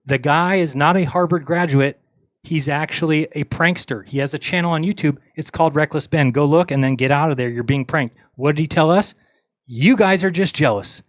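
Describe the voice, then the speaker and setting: A man's voice: fairly high pitch, no echo. A man hosting a livestream, ranting bluntly and mockingly, acting out the lines of people he quotes. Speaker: livestream host. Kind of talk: casual livestream rant.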